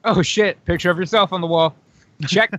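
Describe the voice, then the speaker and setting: A man's voice: high-pitched, steady tone, moderate pace, fairly bright tone. A man joining a podcast as a guest, wry and teasing in casual chat. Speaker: guest co-host.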